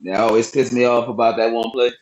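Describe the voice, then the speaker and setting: A man's voice: mid-range voice, level tone, quick pace, lo-fi sound. A man co-hosting a casual sports podcast, speaking emphatically and with a lot of swearing. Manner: emphatic, profane. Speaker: podcast co-host. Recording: echoey room.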